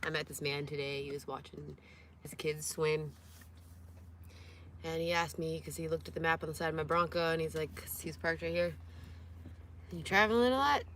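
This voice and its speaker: A woman's voice: low-pitched, little pitch movement, moderate pace, fairly bright tone, a little hiss or hum. A woman in her thirties vlogging in a rambling, candid way, cooing baby talk at her dogs between stories. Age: 30s. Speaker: van-life vlogger. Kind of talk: casual vlog chat.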